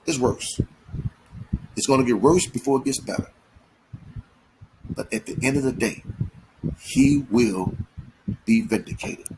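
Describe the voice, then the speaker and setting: A man's voice: mid-range voice, moderate pace, pauses often, darkish tone, slight background noise, rough recording. A man giving an emphatic, slangy commentary monologue, full of repeats and restarts. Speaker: commentary channel host.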